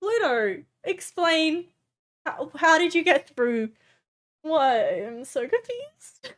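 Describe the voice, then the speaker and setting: A young adult woman streamer giving casual, excitable gameplay commentary, chatty and swearing often. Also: high-pitched, slow pace.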